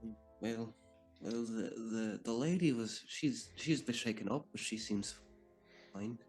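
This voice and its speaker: A man voicing a jittery young lad who is a sly pickpocket, talking quick and nervous. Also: mid-range voice, darkish tone, soft background music, natural voice. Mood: shaken.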